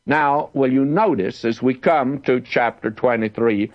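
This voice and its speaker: A man's voice: medium pitch, measured pace, no room sound, muffled recording. A man teaching the Bible verse by verse, reading scripture aloud with emphasis.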